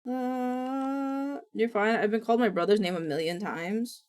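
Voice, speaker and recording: Young woman streaming, kinda high voice, slow rambly chat, lots of "like". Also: a little mellow, smooth. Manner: chatty, rambling, apologetic, many "like" fillers. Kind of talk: casual live-stream chat.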